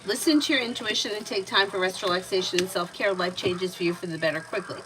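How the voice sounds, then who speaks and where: A woman's voice: fairly low pitch, fast, noisy background. A woman doing live-stream tarot readings, reading out viewers' questions and answering them plainly. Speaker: tarot reader.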